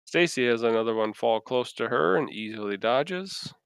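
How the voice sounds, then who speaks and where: Guy dm narrating a dnd session, smooth clear voice, dry close mic, lots of uh and like. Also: mid-range voice, animated, no echo. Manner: halting, filler-heavy narration. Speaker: dungeon master. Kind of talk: narrating a tabletop game.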